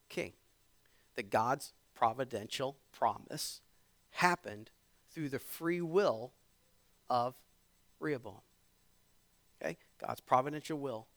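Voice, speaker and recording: A male pastor preaching a sermon, reading scripture aloud and then explaining it with lively, conversational asides to the congregation. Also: medium pitch.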